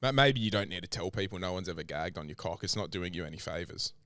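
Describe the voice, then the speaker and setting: Crude, joking podcast host. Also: male voice, sits low, expressive, fast, no room sound, clean studio sound. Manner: crude, blunt, joking, goes quiet and mumbly. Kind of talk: casual comedy banter.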